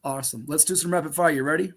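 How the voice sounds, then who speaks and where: Fast-talking upbeat man hosting. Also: a little high, slightly rough. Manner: quick, upbeat, rapid-fire questions. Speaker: podcast host. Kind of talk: sports podcast interview.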